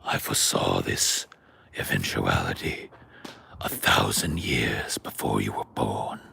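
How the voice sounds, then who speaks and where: Deep, whispery ancient dragon. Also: male voice, vocal fry, fairly bright tone, exaggerated voice. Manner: slow, menacing, knowing. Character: wise ancient huge male dragon.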